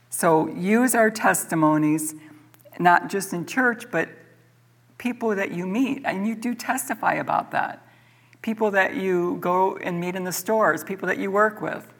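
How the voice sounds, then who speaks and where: A middle-aged woman teaching a church Bible study, telling a personal story earnestly and with animation, often repeating words as she goes. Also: on the low side.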